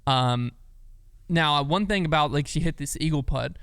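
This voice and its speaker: A man co-hosting a podcast in a quick, upbeat, chatty way. His voice sits a little high and comes across smooth and clear. The studio mic gives a dry, close sound. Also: fairly bright tone, dry recording. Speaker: podcast co-host. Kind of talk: casual chat and read sponsor ad.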